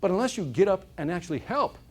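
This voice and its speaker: An animated male speaker addressing a corporate audience, his voice swooping up and down as he tells stories. He sits a little high for a man and keeps asking the room questions. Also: fast talker, slightly rough. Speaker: motivational speaker. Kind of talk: keynote speech to a live audience. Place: corporate event hall.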